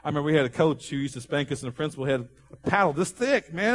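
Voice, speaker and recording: A man preaching a sermon, telling a story and dropping his voice low for quoted dialogue. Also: lively intonation, fast, hardly any pauses, fairly bright tone. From Oklahoma. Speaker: pastor.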